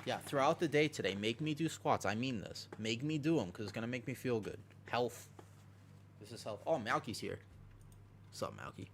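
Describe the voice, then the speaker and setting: A man livestreaming a game, chatting casually and playfully with viewers while keeping his voice quiet to rest a sore throat, close to his desk microphone. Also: mid-range voice, lively intonation, fairly quick, a little hiss or hum. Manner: playful, chatty, talks to chat by name. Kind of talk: casual chat while gaming.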